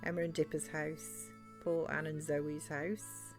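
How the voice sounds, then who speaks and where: A woman's voice: low-pitched, level tone, unhurried, over music. A woman streamer thinking aloud while playing a cozy farming game, with lots of ums and likes. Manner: rambling, thinking aloud with fillers. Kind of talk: casual gameplay commentary.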